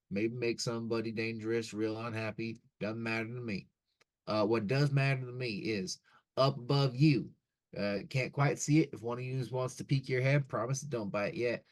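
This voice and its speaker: A man's voice: mid-range voice, no echo, lightly acted. Casting: blunt slangy casino bouncer, drawling threats, man voicing, dry sound. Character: gruff male casino doorman, folksy and blunt.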